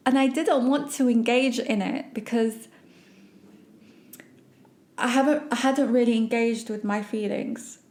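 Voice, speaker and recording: A woman hosts a podcast and recounts her own experiences. She speaks emphatically and animatedly, with a slightly high voice. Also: measured pace. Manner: emphatic, animated, acts out quoted remarks. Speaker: podcast host. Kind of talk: personal storytelling.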